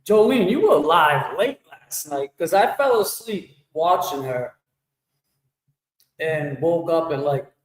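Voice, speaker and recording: With a shower-like echo effect reverberating on his voice, a livestreamer rambles and jokes while talking back to his chat in a casual conversation with viewers. His voice sits on the high side, with lively intonation and a slow pace.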